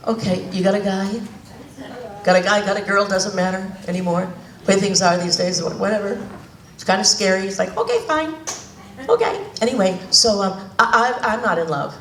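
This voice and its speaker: A woman's voice: mid-range voice, normal speed, long pauses, slight background noise. A woman from Boston with a Boston accent, a cabaret singer chatting and joking with a live audience between songs. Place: senior center hall. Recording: echoey hall, mic at a distance, loud piano.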